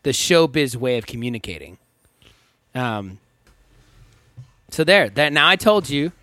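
A man's voice: mid-range voice, very animated, measured pace, sharp tone, no room sound. A man co-hosting a casual podcast with bandmates, laughing easily and explaining things at length. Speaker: podcast co-host and band member. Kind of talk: casual chat.

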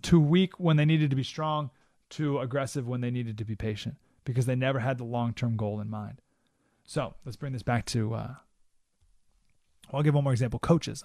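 A man hosting a talk radio show, delivering an animated monologue and acting out quoted voices with sudden jumps in pitch. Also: no echo, clean studio sound.

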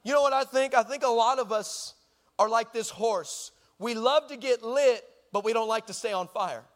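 Here a pastor with a Texan accent delivers a sermon at a moderate pace, his very high voice carrying a big-room sound. He tells a humorous story with lots of animation, shouting the punchlines and frequently asking the congregation if they're with him.

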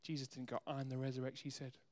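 A man preaching a sermon as pastor, earnest, moving between soft quiet asides and emphatic raised lines. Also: mid-range voice, flat delivery, rapid-fire. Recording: long hall reverb.

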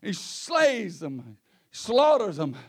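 A high-voiced man preaches a sermon. He retells the story in a folksy, homespun way, dropping to quiet murmurs and then rising to shouts. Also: very animated, very slow.

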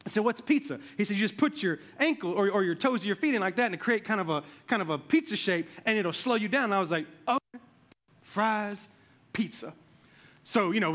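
A male pastor tells a funny story from the pulpit, his voice pitched unusually high with a bright, forceful edge. He slips into the voices of the people in his story and adds sound effects. Then he turns the story into a sermon point. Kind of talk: sermon with a comic personal story.

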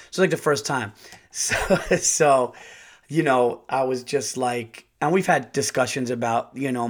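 A comedian tells a story on his podcast at a quick, loose clip. His voice sits in a middle pitch, and he is full of asides, restarts and casual cursing. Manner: rambling, profane, animated storytelling.

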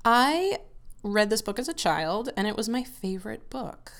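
A woman's voice: medium pitch, big pitch swings, a little slow, fairly bright tone. A woman guest, an author of picture books, telling stories in casual chat.

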